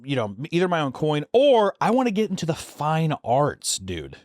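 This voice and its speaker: A young man co-hosting a casual podcast, animated and profane, acting out little scenes as he talks. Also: fairly high pitch, moderate pace, dry recording, clean studio sound. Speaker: podcast co-host and animation YouTuber.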